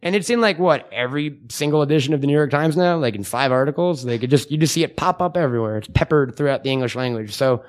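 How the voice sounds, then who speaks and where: A man co-hosting a podcast, talking in casual comedic banter, profane and joking, slipping into quick impressions. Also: on the high side, animated. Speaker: podcast co-host.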